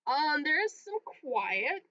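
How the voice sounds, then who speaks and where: Brief: woman game master, slightly high voice, dull lo-fi mic, dry close sound. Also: very animated, takes it slowly, pushed and bright, no room sound. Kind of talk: narrating a tabletop horror game.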